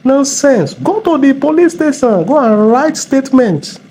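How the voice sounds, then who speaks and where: A man's voice: very high-pitched, sing-song, unhurried, darkish tone, a little hiss or hum, heavily acted. A man with a Nigerian accent playing a bossy, mocking middle-aged police officer in a comedy skit. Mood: scolding. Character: bullying middle-aged male traffic cop.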